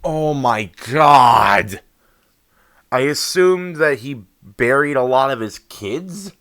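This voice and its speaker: A man's voice: medium pitch, lively intonation, slow, fairly bright tone, no room sound. A man hosting a reaction video, exclaiming and swearing freely as he muses aloud in casual commentary.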